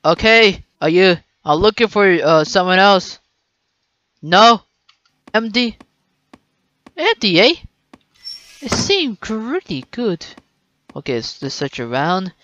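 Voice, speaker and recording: A gameplay commentator who swings between loud, sweary yelling at the game and low muttering to themself. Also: sing-song, slow pace, long pauses, dry recording, muffled recording. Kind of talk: let's play commentary.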